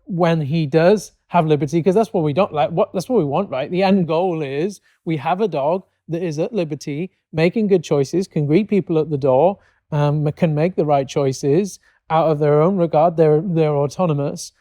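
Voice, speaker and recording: Man, fairly high mellow voice, dry sound, thoughtful host, rambling fillers. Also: moderate pace, no room sound. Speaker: dog trainer, host. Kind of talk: casual conversation.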